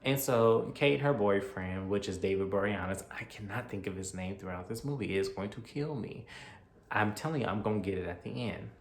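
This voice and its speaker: A man's voice: on the low side, moderate pace. A man casually recapping a horror movie, chatty and acting out the characters' lines as he goes. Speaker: movie reviewer. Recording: echoey room.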